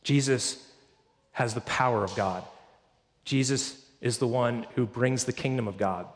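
A man's voice: medium pitch, unhurried, big-room sound. A pastor delivering an earnest, emphatic sermon, his intensity rising and falling.

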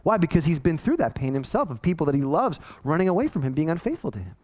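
A man's voice: on the high side, quick pace. A middle-aged man, a pastor, preaching a sermon in a casual, conversational way and acting out the people he quotes. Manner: conversational, animated, acts out quoted voices.

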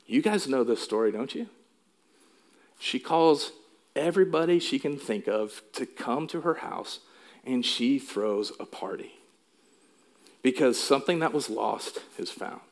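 A man's voice: mid-range voice, animated, a little slow, pauses often. A male pastor delivering a sermon in an emphatic way, asking the congregation questions. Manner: emphatic, asks the room questions.

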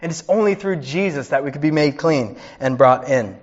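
A pastor in his thirties preaches with earnest warmth and tells stories to his congregation. His voice sits a little high for a man. The recording is dull and slightly lo-fi. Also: animated, moderate pace. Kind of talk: sermon.

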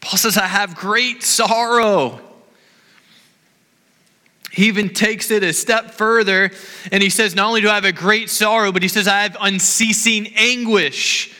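A man in his thirties gives an impassioned sermon in a high, sharply bright voice. His earnest words carry a long reverb through a church hall. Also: fairly even intonation, measured pace. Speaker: pastor.

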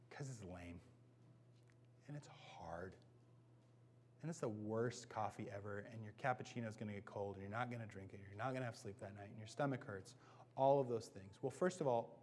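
A man preaching a sermon as a pastor, earnest and conversational, often dropping to soft asides before closing in prayer. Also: on the low side, a little hiss or hum.

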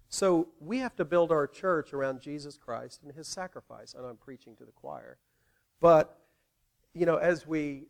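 Give me a lively male pastor preaching a casual sermon in a slightly high voice. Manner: animated, conversational, playful with the congregation.

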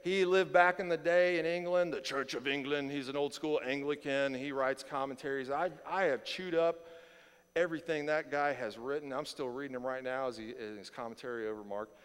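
Animated preaching man in a reverberant hall. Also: mid-range voice, brisk, clean tone. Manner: conversational, animated preaching with rhetorical questions. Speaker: pastor. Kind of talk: expository sermon. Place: church sanctuary.

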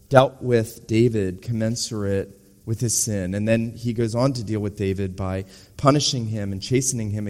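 A man's voice: lowish voice, darkish tone. A middle-aged or older man preaching an earnest expository sermon that builds to emphatic urgency. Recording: reverberant hall.

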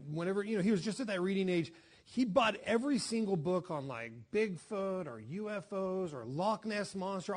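A young adult male pastor preaching a conversational sermon with restarts and asides. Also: high-pitched.

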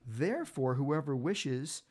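A man's voice: medium pitch, slow. A man who is a pastor, talking through Bible verses in a casual podcast discussion and acting out little scenes as he explains. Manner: animated storytelling, acts out quoted speech.

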